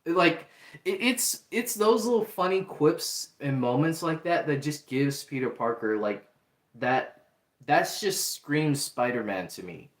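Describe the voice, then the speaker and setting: A man's voice: on the high side, lively intonation, measured pace. A man reviewing a show in casual talk, chatty, with many fillers and restarts. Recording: roomy echo.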